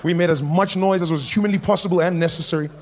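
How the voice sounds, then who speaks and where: A young man doing stand-up, telling animated stories. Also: high voice, fast talker, a little hiss or hum. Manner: animated storytelling, switches into voices. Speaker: stand-up comedian. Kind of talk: stand-up comedy.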